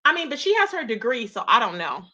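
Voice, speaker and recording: Woman, gossip livestream host, bright, fairly high voice, chatty, animated. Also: fast, muffled recording. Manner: chatty, animated, exclaims and reacts to chat. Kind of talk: casual gossip livestream, reading chat.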